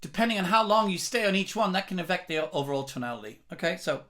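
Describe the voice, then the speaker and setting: A man's voice: sits high, lively intonation, fast talker, fairly bright tone. A man teaching rock singing, explaining technique in a careful, step-by-step way. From England. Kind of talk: vocal lesson.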